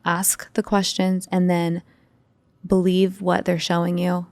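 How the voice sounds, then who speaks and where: A woman guest on a podcast, talking in an open, animated storytelling way, her speech full of fillers. Her voice sits a little low, and it is recorded dry and close with no room sound. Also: slow pace, no room sound. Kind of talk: casual interview conversation.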